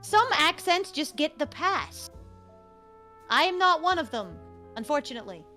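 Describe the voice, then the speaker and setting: A young woman talking casually on a stream, telling stories with animated, acted-out reactions. Her voice sits high and sounds bright and crisp. Faint music plays in the background. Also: measured pace. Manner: animated storyteller, acts out her own reactions. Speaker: VTuber guest.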